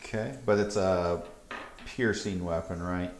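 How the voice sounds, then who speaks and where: A man's voice: deep voice, a little slow, slight background noise. A man running a tabletop game as game master, narrating casually and filling his talk with "like" and "kinda". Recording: echoey room.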